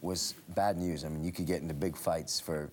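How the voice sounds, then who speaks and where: A man's voice: low voice, steady tone, moderate pace, a little hiss or hum. A man as a talk show guest, chatting and telling stories casually with frequent laughs and many fillers and restarts. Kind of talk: casual storytelling interview. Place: television studio.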